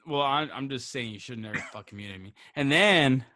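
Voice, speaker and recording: A young man co-hosting a podcast, telling an animated, teasing story with lots of swearing. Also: mid-range voice, fairly quick, no echo, clean studio sound. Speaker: podcast co-host. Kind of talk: casual chat.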